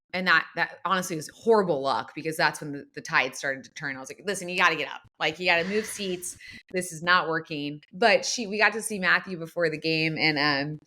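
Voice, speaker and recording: A woman in her thirties chats as a talk-show host, her voice bright and clear. She tells the story with lots of animation, slips into different voices for quotes and laughs between lines. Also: deep voice. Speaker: podcast host. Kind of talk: casual storytelling chat.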